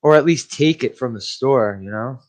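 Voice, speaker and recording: A man's voice: medium pitch, normal speed. A man co-hosting a casual movie review chat, talking bluntly and with a lot of swearing. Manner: profane, blunt, animated. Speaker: podcast co-host.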